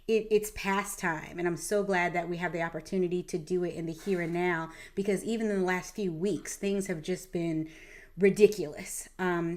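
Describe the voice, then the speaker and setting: Earnest woman podcast host, reflective. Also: on the low side. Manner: earnest, reflective, hesitant with fillers. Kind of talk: heartfelt conversational interview.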